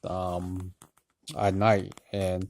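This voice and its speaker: A tired man talking hesitantly to camera in a personal vlog, with many pauses and restarts. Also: sits low, completely flat delivery, no room sound. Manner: hesitant, many ums and restarts, soft-spoken. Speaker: vlogger.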